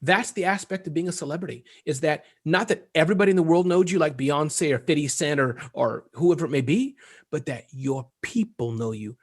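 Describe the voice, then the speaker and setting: A man being interviewed as a guest entrepreneur, talking fast and animated and joking as he goes. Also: a little high. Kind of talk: casual interview talk.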